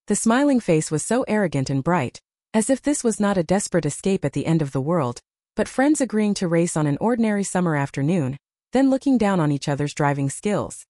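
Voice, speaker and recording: A woman reading a novel aloud as audiobook narration, with expressive storytelling. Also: on the low side, fairly quick, dry recording, clean studio sound.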